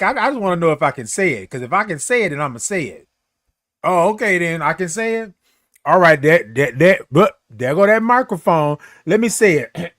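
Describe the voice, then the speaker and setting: A middle-aged man hosts a morning livestream in an animated way. He greets viewers by name and stretches his greetings into sung-out calls. His voice sits high, and the sound is dry and close. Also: no room sound. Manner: animated, sings out drawn-out good mornings. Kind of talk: casual livestream talk.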